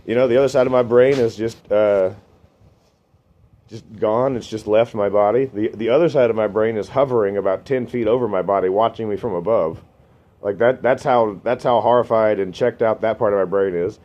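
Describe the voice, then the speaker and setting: A man telling a long comic story in a deadpan, rambling way, swearing often. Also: brisk. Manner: deadpan, rambling, swears a lot, voices others in a raised pitch. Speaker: storytelling comedian. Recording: dull lo-fi recording with faint noise.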